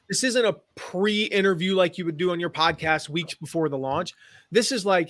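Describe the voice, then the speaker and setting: A man's voice: sits high, moderate pace, fairly bright tone, dry recording. An American man who grew up in the Midwest and South, teaching affiliate marketing in a rambling, casual live-stream chat. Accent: General American. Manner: chatty, rambling, with fillers and restarts.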